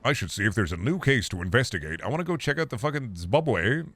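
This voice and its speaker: A man's voice: mid-range voice, very animated, quick pace, a bit bright. A young man streaming a game from his home setup, talking to himself in a rambling, profane way into a close desk microphone. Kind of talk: casual gaming stream commentary.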